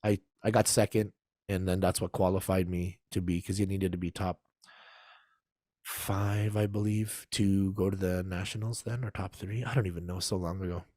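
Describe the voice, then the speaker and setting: A man casually telling a story on a podcast, animated and laughing as he acts out the people in it. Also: deep voice, normal speed, no room sound, studio quality. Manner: animated, acts out quoted voices, laughs often. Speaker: podcast guest.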